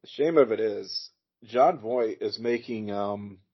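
A man's voice: on the low side, slow, breathy edge. A man guesting on a podcast, rambling with dry jokes and lots of fillers. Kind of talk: casual live-watch chat. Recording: dull lo-fi sound.

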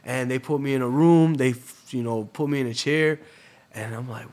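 A man's voice: medium pitch, normal speed, darkish tone. A young man from Florida, a guest on a podcast, telling a story in casual, streetwise talk, swearing freely and calling the host bro.

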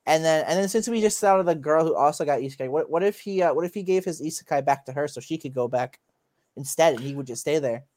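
A man in casual chat, brainstorming ideas with frequent restarts and sentences that trail off softly. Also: on the high side. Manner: rapid, halting restarts, trails off quietly. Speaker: co-host brainstorming an anime.

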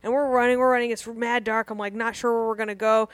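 A young woman co-hosting a comedy podcast, telling a wild story in a profane, animated way. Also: on the high side, fast, smooth, no echo. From Southern California. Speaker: podcast co-host. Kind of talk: casual comedy podcast chat.

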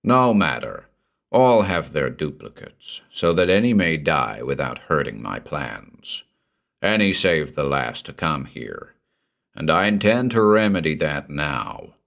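A man voicing a cruel, arrogant male villain in a devil mask, speaking in a harsh, cold, commanding monotone. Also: rumbling low, takes it slowly, heavily acted. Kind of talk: audiobook character voice.

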